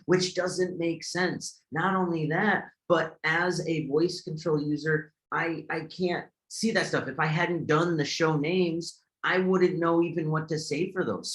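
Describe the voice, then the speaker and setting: A man's voice: fairly high pitch, a bit bright. Man explaining with many fillers. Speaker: accessibility instructor. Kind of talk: screen-share tutorial.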